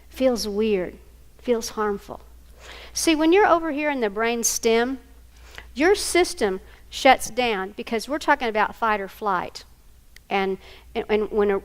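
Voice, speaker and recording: An older woman, a grandmother, presenting a live training workshop and quizzing her audience. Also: on the high side. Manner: animated, asks the audience questions.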